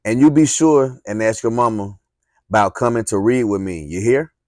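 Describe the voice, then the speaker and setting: A man's voice: on the low side, measured pace, no echo, clean studio sound, natural voice. A man voicing an older Southern woman, kindly but firm, with a Southern US accent, drawling as he reads from a book. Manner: drawling, read aloud from a book with expression.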